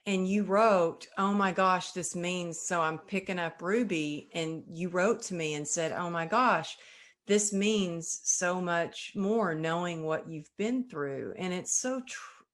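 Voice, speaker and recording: A woman hosts a podcast in relaxed, chatty conversation with a guest. She talks in an effusive, heartfelt way, her voice sitting a little low. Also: slow pace. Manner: warm, effusive and emotional. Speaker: podcast host. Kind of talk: casual interview chat.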